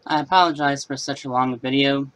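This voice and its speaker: A man's voice: medium pitch, fairly even intonation, a little fast, a bit bright, rough recording. A man casually talking through a laptop repair in a how-to vlog, rambling and matter-of-fact. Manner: rambling, many fillers and restarts. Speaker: computer repair vlogger.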